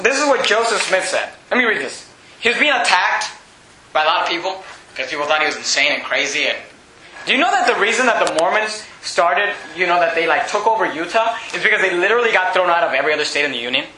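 A man preaching a sermon in an animated, mocking way, often laughing as he talks. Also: high-pitched, roomy sound, slight background noise, poor audio.

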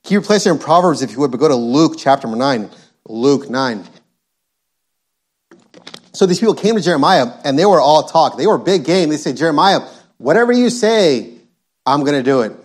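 Emphatic male preacher, higher voice. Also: animated, fairly quick, long pauses, breathy edge. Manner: emphatic, repetitive, quotes scripture. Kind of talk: sermon.

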